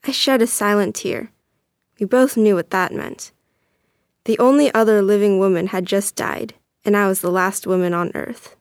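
A young woman reading a first-person story aloud as narrator, earnest and steady. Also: medium pitch, moderate pace, smooth, no echo.

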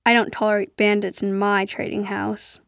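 A woman voicing a stubborn old male trader who gives curt, gruff refusals. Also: medium pitch, level tone, moderate pace, fairly bright tone, no echo, clean studio sound.

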